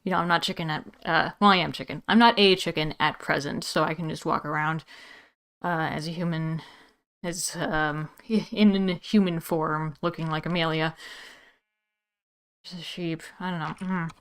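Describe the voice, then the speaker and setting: A woman voicing a male chicken in human form, talking haltingly with many restarts as a first-time streamer, in an in-character livestream role-play. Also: low-pitched, fairly even intonation, fairly bright tone. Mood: awkward, chatty.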